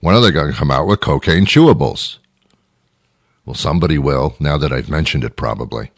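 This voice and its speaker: A man's voice: a bass voice, animated, brisk, no room sound, studio quality. A middle-aged man hosting a radio show, delivering an exasperated, rambling comedic monologue full of repeated questions.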